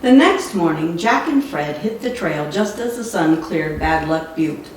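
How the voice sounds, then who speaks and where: A woman's voice: low-pitched, lively intonation, unhurried. A woman reading a picture book aloud with playful asides. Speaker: storybook reader. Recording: echoey room, mic far off, faint noise.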